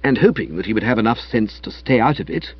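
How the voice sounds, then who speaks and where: A man narrating a comic novel aloud in a wry, lively storytelling manner. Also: on the low side, fast talker, slightly rough, dry recording, muffled recording. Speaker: audiobook narrator.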